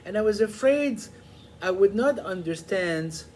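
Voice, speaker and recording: An older man telling a personal story in an unhurried, reflective way, pausing often with small fillers. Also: high voice, animated, a little mellow, slight background noise.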